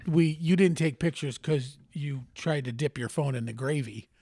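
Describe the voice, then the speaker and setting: Man from Syracuse, podcast co-host, gravelly, slightly high voice, deadpan wisecracks. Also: moderate pace, no echo, clean studio sound. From Syracuse, New York. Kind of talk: casual chat.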